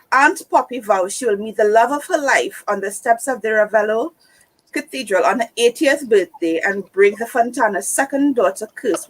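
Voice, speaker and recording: A woman reading a book blurb aloud for a book club, steady and correcting her slips. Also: on the high side, low-quality recording. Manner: reads steadily, fixes slips.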